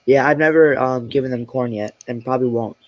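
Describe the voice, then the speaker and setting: A man's voice: medium pitch, brisk. A man in casual chat, rambling and filling his sentences with "like". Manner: rambling, constant "like" fillers.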